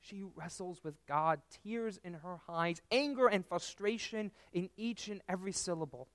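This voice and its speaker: A man preaching a sermon in an earnest, measured way, with dramatic pauses. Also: sits high, a bit bright, no echo.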